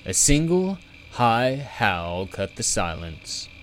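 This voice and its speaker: A man narrating a children's fantasy audiobook in a measured, steady storytelling manner. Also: on the low side, a little hiss or hum, low-quality recording. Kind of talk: scripted narration.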